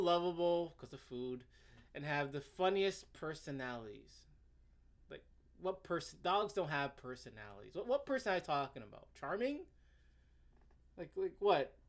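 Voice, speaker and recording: Sarcastic stammering man ranting. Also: on the high side. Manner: sarcastic, exasperated, stammering with frequent restarts; sudden swings between loud outbursts and muttering. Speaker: commentary video host. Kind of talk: ranting commentary while reading a web page aloud.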